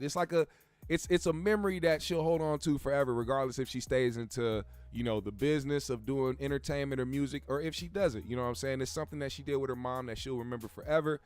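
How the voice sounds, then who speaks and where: Rambling young man with a smooth voice. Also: a little high, a little fast, dry recording, faint music behind. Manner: profane, rambling, frequent restarts. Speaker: host. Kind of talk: casual pop-culture commentary.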